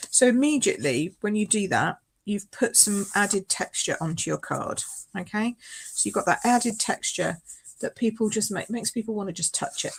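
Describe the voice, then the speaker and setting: A woman's voice: medium pitch, creaky, breathy edge. A woman demonstrating card making in a live craft tutorial. She chats casually, often apologises and laughs along the way.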